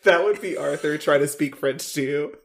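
Brief: young woman co-host, very deep voice, sarcastic rants. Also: moderate pace, creaky. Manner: dry sarcastic ranting, laughs often. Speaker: podcast co-host. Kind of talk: casual recap chat.

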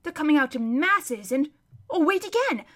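A woman's voice: high voice, sing-song, moderate pace, a bit bright. A woman voicing an old male hermit who describes a distant battle as a vivid, emphatic running commentary. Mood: excited.

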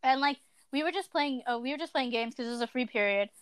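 Brief: talkative teen girl, high smooth voice, dry close sound. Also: quick pace, no room sound. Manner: chatty, talks a lot, many fillers. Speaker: podcast co-host. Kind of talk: casual chat.

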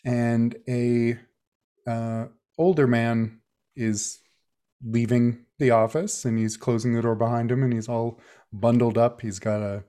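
Man, game master, slow, dark tone, hesitant narration. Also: medium pitch, fairly even intonation, clear, resonant tone. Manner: hesitant, many fillers.

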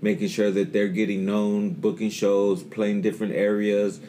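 A man's voice: fairly low pitch, level tone, normal speed, dark tone, slight background noise. A man co-hosting a podcast, talking in a rambling way with many fillers and restarts. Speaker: podcast co-host. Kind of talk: casual podcast chat.

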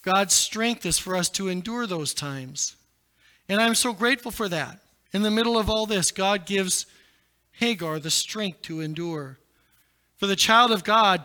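High bright-voiced male pastor preaching. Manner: dramatic, rising to shouts and dropping low. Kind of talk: sermon.

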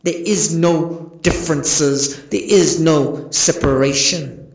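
A man's voice: on the high side, takes it slowly. A man preaching a sermon as pastor, emphatic and full of rhetorical questions. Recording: echoey, dull lo-fi recording.

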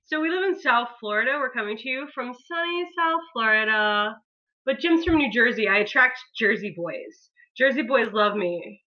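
A woman's voice: a little high, lively intonation, normal speed. A woman co-hosting a casual podcast chat, brash and profane, laughing often and a little tipsy. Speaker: podcast co-host. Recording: slightly dull lo-fi recording.

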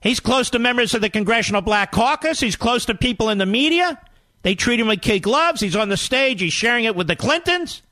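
A man's voice: very high voice, expressive, a little fast, sharp tone, no echo. A man hosting a political talk radio show, delivering a combative monologue full of emphatic rhetorical questions. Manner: emphatic, rallying.

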